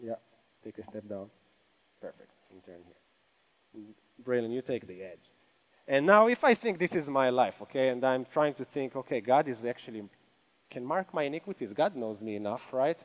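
A man's voice: medium pitch, very animated, moderate pace, low-quality recording. A man with a non-native English accent preaching a sermon from a church stage, earnest and conversational, with many rhetorical questions. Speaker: pastor.

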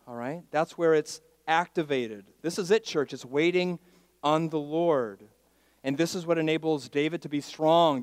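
A male pastor preaching a sermon who reads scripture loudly and fervently, then drops to hushed, intimate asides, often asking his congregation "all right?". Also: mid-range voice, no room sound, clean studio sound. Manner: addresses the congregation directly with frequent "all right?".

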